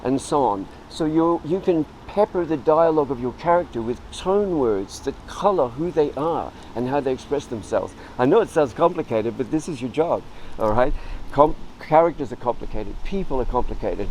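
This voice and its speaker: A middle-aged man teaching a writing tutorial in a relaxed, informal way, explaining word origins and acting out short lines of example dialogue. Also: fairly high pitch, moderate pace, a little hiss or hum, low-quality recording.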